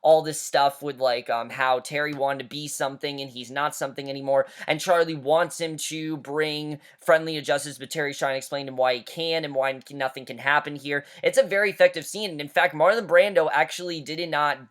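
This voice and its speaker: A man's voice: fairly high pitch, steady tone, brisk, few pauses, a bit bright. A man giving a casual, enthusiastic movie review, rambling along with frequent "you know" and "I mean.".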